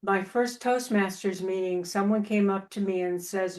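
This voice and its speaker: A woman's voice: medium pitch, fairly even intonation, normal speed, hardly any pauses, darkish tone. A woman from Minnesota, a Toastmasters member speaking in a thoughtful, appreciative way during a casual group discussion.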